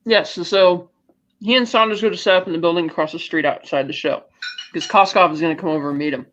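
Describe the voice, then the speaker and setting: A man co-hosting a podcast, recapping a movie in casual chat and slipping into quick character voices. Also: a little high, a bit bright. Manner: retells scenes with quick offhand character voices. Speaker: podcast co-host. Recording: dull lo-fi audio.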